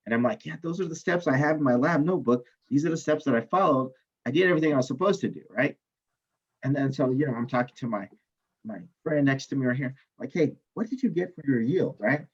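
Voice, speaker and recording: A male chemistry instructor telling a personal story in a classroom lecture, animated, often asking "right?" and swearing now and then. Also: medium pitch, fast talker, husky, muffled recording.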